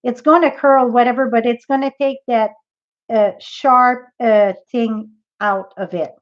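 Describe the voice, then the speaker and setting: A woman's voice: a little high, fairly even intonation, unhurried, muffled recording. A woman demonstrating a craft project in a live tutorial, chatty and thinking aloud as she works.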